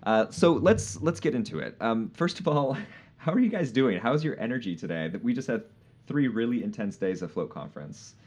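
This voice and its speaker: A man hosting a casual live podcast, easygoing and quick to laugh, with plenty of "uh" fillers. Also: mid-range voice, big pitch swings, a little mellow, husky. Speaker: podcast host.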